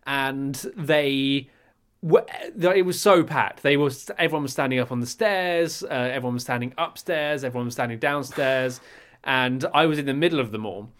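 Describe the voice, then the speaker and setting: A man's voice: medium pitch, moderate pace. An English man co-hosting a podcast in casual chat, telling stories in a rambling, self-mocking way. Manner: rambling storyteller, self-mocking, bursts into loud repeated lines. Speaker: podcast co-host.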